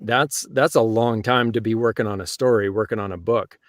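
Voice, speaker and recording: A man's voice: on the low side, steady tone, a little fast, dry recording, studio quality. A man with a Canadian accent, an audiobook narrator and co-host, talking in a chatty, good-humoured way and laughing easily. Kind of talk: casual chat.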